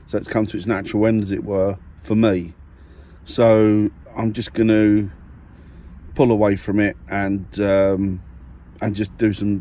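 A low-pitched man talks to his channel from the seat of his car. He rambles in a friendly way, often stopping to correct himself. The recording carries a clear layer of background noise. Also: warm tone. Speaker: vlogger. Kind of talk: casual vlog to camera. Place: parked car.

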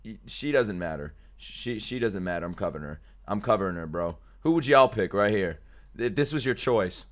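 A young man streaming casual reaction commentary, excitable and profane, jumping between loud outbursts and mumbled asides. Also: lowish voice, normal speed.

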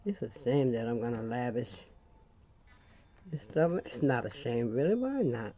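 A woman's voice: rumbling low, big pitch swings, moderate pace, warm tone, highs cut off. An older woman with a Louisiana accent hosting a chatty crafting tutorial, folksy and rambling, calling viewers honey.

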